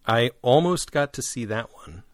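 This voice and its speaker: A man co-hosting a podcast, chatting casually and with animation about musicals, with quick jumps up in pitch for asides. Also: lively intonation, no room sound, studio quality. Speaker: podcast co-host.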